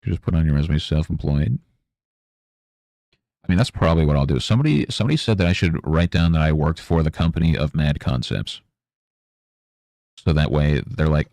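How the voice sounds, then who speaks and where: Young male streamer, deep gravelly voice, dry close mic, rambling sarcastic chat. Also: moderate pace, pauses often, darkish tone, dry recording. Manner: rambling, sarcastic, mocks imagined interviewers in high voices. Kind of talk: casual chat while painting.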